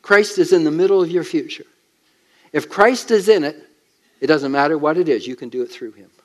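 A man with a notably high voice preaches a sermon. He speaks with emphasis and keeps putting questions to his listeners. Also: brisk.

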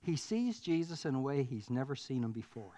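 Earnest preacher with a mid-pitched voice. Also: very animated, a little fast, mellow. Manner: earnest, building to emphatic declarations. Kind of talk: sermon.

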